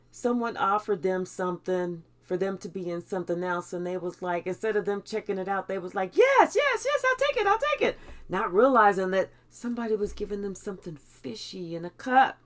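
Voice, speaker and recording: A woman's voice: mid-range voice, fairly even intonation, moderate pace. A woman giving a spiritual tarot reading in a blunt way, swearing freely. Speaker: tarot reader.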